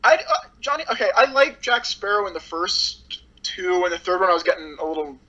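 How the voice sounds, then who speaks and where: Blunt, sarcastic woman reviewer with a bright voice, casual and loose; slightly dull recording. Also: lowish voice, sing-song, a little fast. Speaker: movie reviewer.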